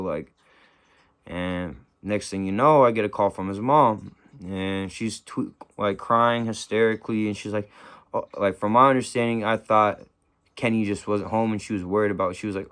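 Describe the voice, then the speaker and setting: A young man talks to camera in casual, slang-heavy speech. His voice sits low and comes through smooth and clean. He sounds subdued and grieving, often breaking off and restarting his sentences. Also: steady tone, normal speed. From San Francisco Bay Area. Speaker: vlogger telling a personal story.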